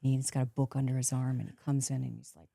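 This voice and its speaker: Very low-voiced woman telling stories. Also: quick pace, creaky, dry recording, clean studio sound. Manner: lively storyteller, acts out quotes, laughs often. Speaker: guest, actress turned painter. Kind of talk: casual interview chat.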